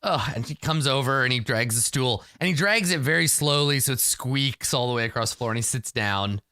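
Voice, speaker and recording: A man's voice: mid-range voice, brisk, pushed and bright, smooth, no echo, studio quality. A man narrating a tabletop game as game master, telling the story with fillers and laughs.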